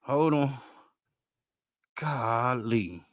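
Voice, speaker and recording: A man hosting a live stream, out of breath, talking in a loud, rambling, profanity-heavy way. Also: mid-range voice, animated, drawn-out words, dry recording. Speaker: host. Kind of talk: casual stream commentary.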